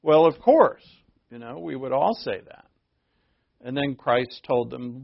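A man's voice: mid-range voice, a little slow, creaky, no echo, highs cut off. A man preaching a verse-by-verse sermon as pastor, in a conversational, self-deprecating way with frequent fillers. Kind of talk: expository sermon.

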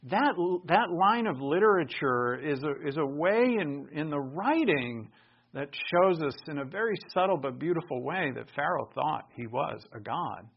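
A fairly high-voiced man preaching in a conversational teaching style, with bursts of raised emphasis. The recording sounds dull and lo-fi. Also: lively intonation, normal speed, creaky, slightly rough. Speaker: pastor. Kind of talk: sermon.

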